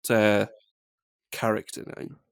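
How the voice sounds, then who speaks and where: A man's voice: lowish voice, completely flat delivery, slow pace, creaky, smooth, no room sound. A man co-hosting a casual podcast chat, making dry, wry asides. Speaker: podcast co-host.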